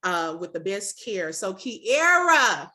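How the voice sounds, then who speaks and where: A woman's voice: mid-range voice, sing-song, slow pace, bright, forceful tone. A woman, a former teacher hosting a casual video-call chat, speaks in an effusive, emotional way and keeps repeating herself for emphasis.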